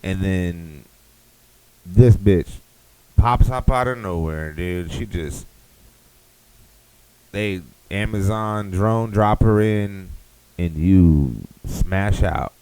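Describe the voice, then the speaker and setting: A young man with a deep, low voice hosts a podcast and riffs through a crude comic rant. He rambles, swears freely and keeps circling back to the same catchphrase. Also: takes it slowly, a little mellow, clean tone, dry recording, low-quality recording. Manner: rambling, profane, riffing. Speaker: podcast host.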